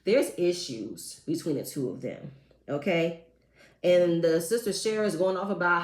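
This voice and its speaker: A woman's voice: on the low side, normal speed, a little mellow. A woman giving a casual, sassy recap of a reality TV episode with slangy asides. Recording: echoey room.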